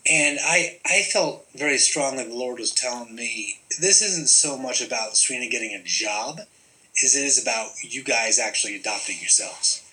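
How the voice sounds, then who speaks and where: A man's voice: medium pitch, moderate pace, pushed and bright, rough recording. A man telling a personal story in a casual, rambling way, full of fillers and restarts. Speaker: guest telling his story.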